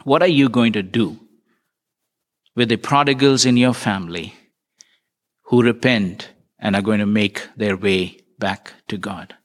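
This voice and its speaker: A man's voice: fairly low pitch, unhurried, long pauses. A man preaching a sermon, retelling a parable and putting earnest, searching questions to his listeners.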